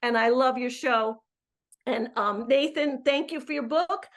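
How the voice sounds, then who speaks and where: A woman's voice: high voice, measured pace. A woman in her fifties calling in to a live show as a coach, effusive and emphatic, often repeating words as she goes. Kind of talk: live call-in chat.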